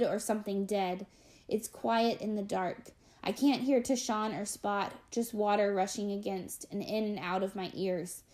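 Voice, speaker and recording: A woman narrates an audiobook in the first person, her voice sitting at an ordinary middle pitch. She reads expressively and dramatically, with measured pauses between phrases. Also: a little mellow.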